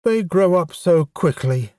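A man voicing a proud, eager male goblin science officer in an audiobook, lifting his pitch for the character. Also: animated, slow pace, a little mellow, no echo, studio quality.

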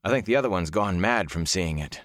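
A man's voice: deep voice, animated, a little fast, a bit bright, dry recording, clean studio sound. A man voicing a rattled, earnest young man in an audiobook. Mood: shaken. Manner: earnest, rattled, urgent questions. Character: shaken young male villager hero. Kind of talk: audiobook character voice.

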